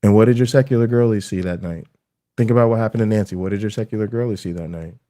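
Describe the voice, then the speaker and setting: A man's voice: lowish voice, fast, dark tone. A man hosting a show, ranting heatedly and profanely at his audience and hammering his points again and again. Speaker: show host and college lecturer.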